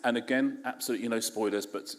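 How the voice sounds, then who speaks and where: A man's voice: mid-range voice, steady tone, fast. A man with an English accent, an author chatting on stage at a festival in a chatty, self-deprecating, joking way. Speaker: author guest. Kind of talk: casual onstage conversation. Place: large festival hall on stage. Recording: echoey hall, faint background noise.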